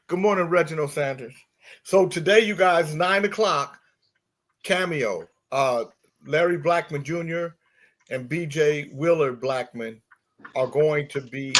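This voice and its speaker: A man with a fairly high voice runs a loose morning show. He greets listeners one after another and quizzes his co-hosts. He talks in a lively, conversational way. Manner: animated storyteller, shifts voice for quoted characters. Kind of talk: joke telling and casual chat.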